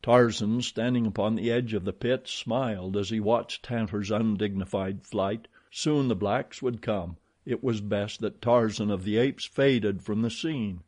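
A man reading an adventure story aloud in a measured, dramatic storytelling manner. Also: on the low side, a little mellow. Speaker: audiobook narrator. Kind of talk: scripted narration.

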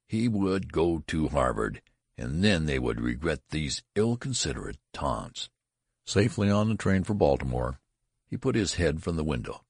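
A man reading a story aloud as a narrator, in a measured and even manner. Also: rumbling low, vocal fry, husky, no room sound, clean studio sound. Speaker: audiobook narrator. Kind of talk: scripted narration.

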